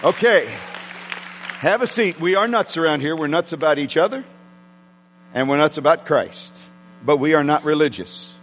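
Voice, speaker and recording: A man preaching a sermon to his congregation, excitable and prone to yelling. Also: on the high side, moderate pace, pauses often, some chatter behind, slight background noise. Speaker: pastor. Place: church sanctuary with congregation. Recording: long hall reverb.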